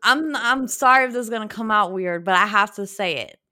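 A woman's voice: mid-range voice, brisk, pushed and bright, dry recording. A woman co-hosting a casual gaming podcast, curious and teasing, often repeating her point. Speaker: podcast co-host.

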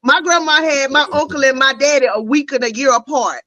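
Woman, host, tipsy, loud, animated, high bright voice, video call. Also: a little fast, dry recording. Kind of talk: casual celebratory chat.

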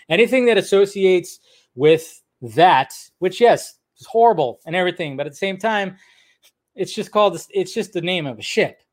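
Rambling man hosting a casual live chat. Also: a little high. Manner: rambling, with frequent fillers and restarts; loose and offhand, swears casually. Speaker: host of a live video show. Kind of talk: casual chat, reading viewer comments.

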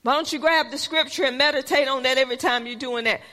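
A woman's voice: sits high, fast talker, bright, forceful tone, long reverb tail. A woman preacher giving a sermon in an earnest, plain-spoken, conversational way.

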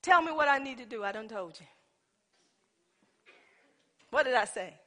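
A woman preaching a sermon, talking with the congregation and swinging from loud exhortation to soft asides. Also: a little high, expressive, normal speed. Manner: conversational, calls out to the congregation.

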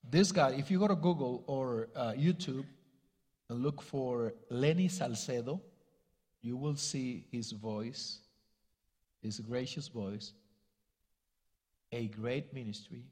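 Slow Spanish-accented man preaching in a hall. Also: medium pitch, a little mellow, slightly rough. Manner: halting, searching for words, acts out quotes. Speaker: guest speaker, missionary. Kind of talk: sermon storytelling. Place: church.

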